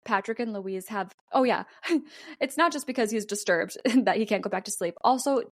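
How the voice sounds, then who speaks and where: A woman's voice: normal speed, no room sound, clean studio sound. Chatty young woman retelling a film. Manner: animated, acts out characters' lines with shifts in pitch, frequent "like". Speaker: podcast co-host retelling a film. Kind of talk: casual storytelling chat.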